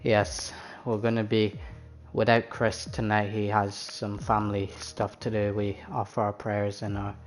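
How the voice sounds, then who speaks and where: A man hosting a sim racing league stream on his own, chatting casually with viewers and drivers before the race. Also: lowish voice.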